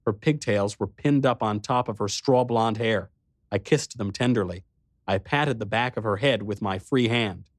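A man narrating an audiobook in the first person, steady and measured. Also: fairly low pitch, no echo, studio quality.

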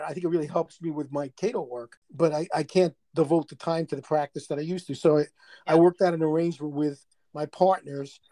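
A man's voice: a little high, dark tone. Older New York man telling stories. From Brooklyn, New York. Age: 60s. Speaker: guest surgeon. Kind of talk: casual interview chat.

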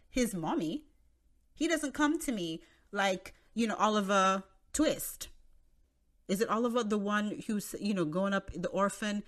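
A woman in her thirties hosts a Christian teaching podcast in a lively, conversational manner. Her voice sits at an ordinary middle pitch. She often slips into the voices she quotes. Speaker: podcast host.

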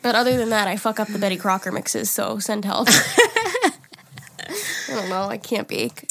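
A woman's voice: mid-range voice, animated, normal speed, creaky, background noise. A woman co-hosting a casual podcast, chatting loosely with profanity and laughing often, and reading out listener emails. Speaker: podcast co-host.

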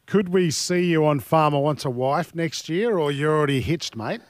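Teasing Australian radio host, slightly higher voice. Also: male voice, animated, normal speed, no echo, studio quality. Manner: teasing, upbeat. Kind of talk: sports radio hosting. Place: radio studio.

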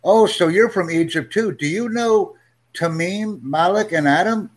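Upbeat man tutoring over a video call. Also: sits high. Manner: upbeat, encouraging, simple slow phrasing. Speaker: English conversation tutor. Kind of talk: live online English lesson.

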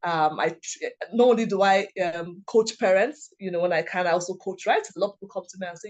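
A woman's voice: lowish voice, steady tone, fast talker. A woman, a lawyer and writing coach, telling heartfelt personal stories in an earnest way, full of "you know" fillers and restarts. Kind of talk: reflective personal storytelling.

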